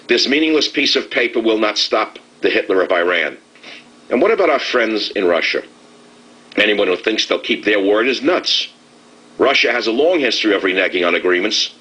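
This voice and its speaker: A man hosting a radio talk show, delivering an indignant, sarcastic opinion monologue with dramatic swings in pitch. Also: pushed and bright, slightly rough, low-quality recording.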